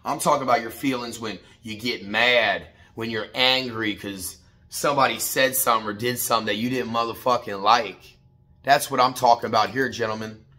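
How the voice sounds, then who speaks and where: Brief: blunt, foul-mouthed motivational vlogger, middle-aged man, bright edge, repetitive, pushes to hype shouts. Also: medium pitch, steady tone, normal speed. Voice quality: profane, blunt, street-casual. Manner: preachy, repetitive, rising to shouted pep talk. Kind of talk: morning motivational talk to camera.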